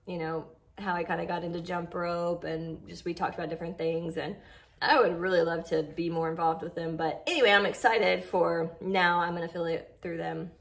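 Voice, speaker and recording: A woman's voice: on the low side, level tone, normal speed, vocal fry. A woman chatting heartfelt to her followers in a casual vlog, full of "like" and "you know". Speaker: vlogger.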